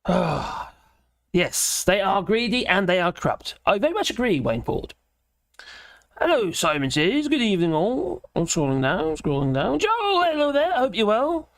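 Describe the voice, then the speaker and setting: A hoarse woman with a British accent hosting a casual live political chat, laughing often and greeting viewers by name. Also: medium pitch, sing-song, normal speed, no echo. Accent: British English. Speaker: livestream host.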